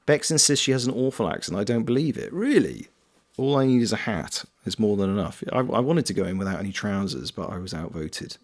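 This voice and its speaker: A man's voice: on the low side, animated, fairly quick. A man with a South Coast English accent, casually chatting with viewers and answering their messages during a gameplay stream. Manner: playful, reads and answers chat. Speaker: streamer and voice actor.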